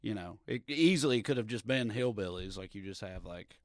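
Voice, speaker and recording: A man's voice: on the low side, animated, fairly quick, dry recording, clean studio sound. A man, co-hosting a comedy podcast in rambling, profane casual chat and laughing often.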